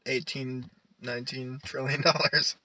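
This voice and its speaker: A man's voice: medium pitch, level tone, measured pace, pushed and bright, low-quality recording. A young man co-hosting a podcast in casual chat, rambling, swearing and laughing often. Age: young adult. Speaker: podcast co-host.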